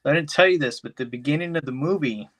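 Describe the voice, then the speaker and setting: A man's voice: on the high side, fast, a bit bright. Rambling, foul-mouthed man recapping a movie. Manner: rambling, profane, heavy on "you know". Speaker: podcast co-host. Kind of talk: casual chat, movie recap.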